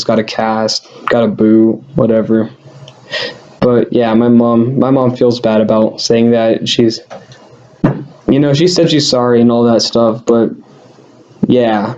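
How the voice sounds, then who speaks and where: A man's voice: mid-range voice, darkish tone, lo-fi sound. A young man casually telling a personal story to camera as a vlogger, rambling with lots of fillers and self-deprecating asides.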